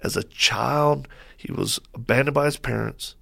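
A man as a guest on a faith talk show, telling stories in a lively way and acting out what people said. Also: mid-range voice, moderate pace, vocal fry, slightly rough. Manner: lively storyteller who acts out quoted voices.

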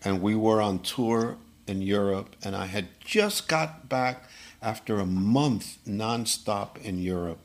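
A man from Puerto Rico, a guest musician telling animated stories in an interview, often repeating words. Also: fairly low pitch, takes it slowly. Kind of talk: storytelling interview.

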